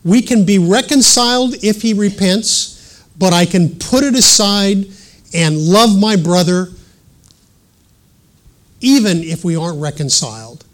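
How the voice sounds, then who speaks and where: A man's voice: high-pitched, unhurried, long pauses. A middle-aged man preaching a sermon in an earnest teaching manner, reading scripture aloud and adding self-deprecating asides.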